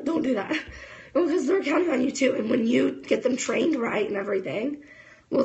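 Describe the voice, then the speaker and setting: Chatty fired-up woman with a gravelly edge. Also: fairly high pitch, poor audio. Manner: chatty, fired-up, addresses viewers as guys. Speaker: network marketing distributor. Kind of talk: casual motivational talk to camera.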